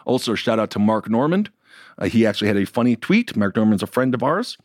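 A man's voice: on the low side, fast talker, no room sound, clean studio sound. A man co-hosting a political news show, giving casual, sardonic commentary with frequent jokes. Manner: sardonic, animated, laughs often.

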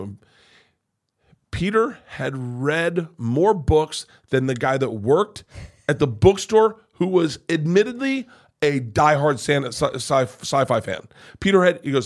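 A middle-aged comedian, guesting on a podcast, tells a rambling comic story at a moderate pace and medium pitch. He's animated, swears freely, and acts out the voices of the people in it.

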